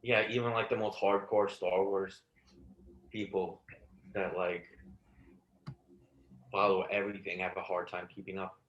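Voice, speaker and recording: A man in relaxed casual chat who asks easygoing questions. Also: low-pitched, measured pace, pauses often, reverberant, lo-fi sound, slight background noise. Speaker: co-host.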